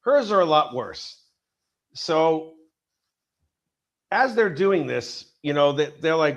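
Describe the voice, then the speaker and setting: A man's voice: fairly high pitch, big pitch swings, slow, pauses often. A man in casual podcast chat, rambling and swearing as he retells a story and acts out the quotes. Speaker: podcast co-host.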